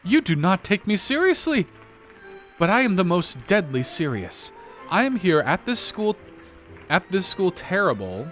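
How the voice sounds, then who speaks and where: A man's voice: high-pitched, very animated, a little slow, fairly bright tone, soft background music, pitched above the performer's own voice, full character voice. A man voicing a haughty teenage French schoolgirl who talks in grand, theatrical, oddly broken phrases, without a French accent, for a game playthrough.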